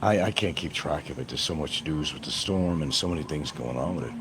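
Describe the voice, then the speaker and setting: Deep-voiced rambling man on a live stream. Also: a little fast. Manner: meandering, chatty, talks to viewers. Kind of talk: rambling casual live chat. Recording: noisy ambient background.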